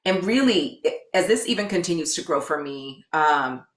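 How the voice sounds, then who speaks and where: A woman's voice: low-pitched, lively intonation, moderate pace. A woman in her thirties, an educator and guest, telling her story in a thoughtful, searching way, often restarting her sentences. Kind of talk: reflective conversational storytelling. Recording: roomy echo.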